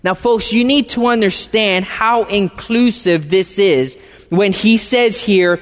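A man's voice: high-pitched, slow, faint music behind. A man preaching a sermon as pastor, conversational and emphatic, asking the congregation questions and repeating phrases for stress. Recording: long hall reverb.

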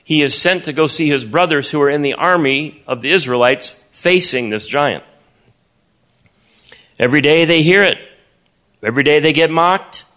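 A male preacher delivering a storytelling sermon with a bright, forceful voice. He talks in an animated way, often repeating words as he builds momentum. He slips in and out of character voices. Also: medium pitch.

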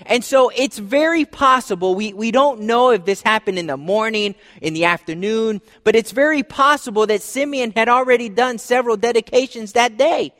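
A man preaching a sermon as pastor, conversational, dropping soft and low for emphasis. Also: normal speed, few pauses. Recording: long hall reverb.

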